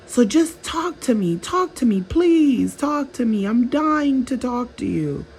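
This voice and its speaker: A preening, pushy show-off man, as a woman puts him on, pitched up well above her own voice. He begs and brags in turns with a gravelly, fried edge. His tone is loud and indignant. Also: sing-song, a little slow. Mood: pleading. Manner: boastful, pleading, indignant. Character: vain pushy man showing off, demanding attention.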